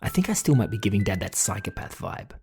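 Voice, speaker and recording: A man narrating a family podcast in a measured, reflective, dryly humorous way. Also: on the low side, sing-song, gravelly, warm tone. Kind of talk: scripted narration.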